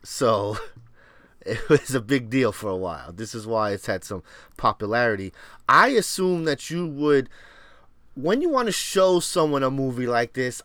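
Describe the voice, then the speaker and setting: A man with a mid-range voice co-hosts a relaxed pop culture chat. He sounds laid-back and agreeable and strings his thoughts together with plenty of fillers. The sound is dry and close, with no room echo. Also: mid-range voice, measured pace. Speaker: podcast co-host.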